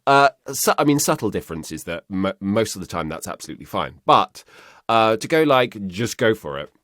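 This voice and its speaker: A man's voice: fairly low pitch, normal speed, no echo. A man with a British RP accent, a voice actor chatting in an interview from his home studio and acting out the people he quotes. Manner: animated, acts out quoted voices mid-sentence. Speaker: voice actor guest. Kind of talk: casual interview chat.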